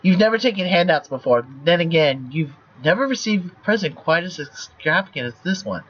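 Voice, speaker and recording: A man reads the text of a story game aloud during a casual livestream. His voice is bright and sits fairly high. He narrates evenly and breaks into laughter often between lines. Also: animated, brisk, dull audio, faint music behind. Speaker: streamer reading an interactive story game aloud.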